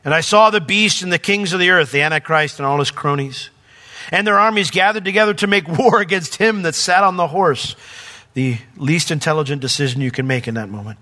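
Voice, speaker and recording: A man preaches a sermon in a conversational, emphatic way, building to raised exclamations and then dropping to near hushes. His voice is bright and forceful and sits a little high. The sound rings with the long reverb of a church hall. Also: a little fast. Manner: emphatic, conversational preaching with sudden drops to quiet. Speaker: pastor.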